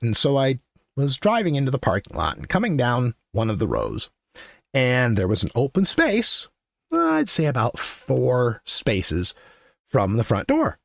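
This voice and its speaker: A man hosting his own show, telling a story in a casual monologue. He is blunt and profane, gets louder and higher as he gets worked up, and laughs between lines. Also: vocal fry, no room sound, clean studio sound. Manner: animated, rising to near-shouting when worked up, laughs between lines. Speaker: podcast host.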